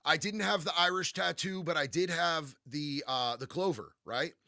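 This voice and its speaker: Bright-voiced man telling prison stories. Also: fairly high pitch, moderate pace, no room sound, clean studio sound. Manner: profane, laid-back, says "bro" a lot. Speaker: podcast guest. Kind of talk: casual storytelling chat.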